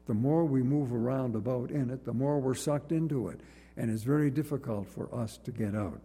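Earnest preacher man with a dark, husky voice. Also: medium pitch, big-room sound. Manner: earnest, measured preaching with repetition. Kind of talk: sermon.

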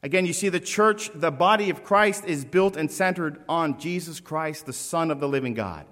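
A man preaching a sermon to his congregation, emphatic and deliberate, with friendly asides to the people in front of him. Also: on the high side, a bit bright. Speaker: pastor. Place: church sanctuary. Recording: long reverb of a church hall.

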